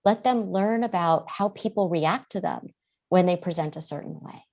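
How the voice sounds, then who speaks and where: Woman therapist on a podcast, a bit low-pitched, muffled lo-fi sound, earnest. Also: moderate pace, gravelly, a little mellow. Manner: earnest, acts out parent and child voices. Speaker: guest therapist. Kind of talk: podcast interview answers.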